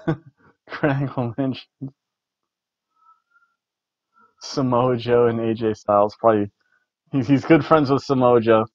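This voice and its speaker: A man's voice: mid-range voice, fairly even intonation, measured pace, a little mellow, no echo. A man casually reviewing a wrestling event, rambling and repeating words as he rates matches with food jokes. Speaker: podcast co-host reviewing wrestling. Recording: dull lo-fi dry recording.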